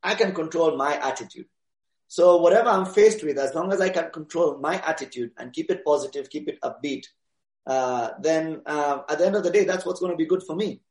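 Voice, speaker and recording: A man answering interview questions in a casual, relaxed way, pausing often with fillers. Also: on the high side, echoey room. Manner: relaxed, hesitant with many fillers. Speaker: interview guest, DJ.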